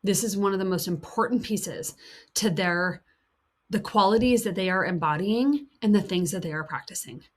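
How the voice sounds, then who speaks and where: A woman coach giving an earnest teaching talk. She repeats key points for emphasis, voices the harsh inner critic, and slips into a soft, soothing tone. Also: mid-range voice, normal speed. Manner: soft, soothing tone for self-kindness.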